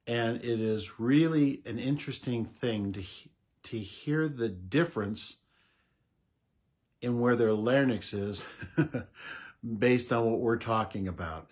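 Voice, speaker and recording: A middle-aged man giving unhurried, casual advice to camera as a voice coach, explaining with soft laughs. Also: fairly low pitch.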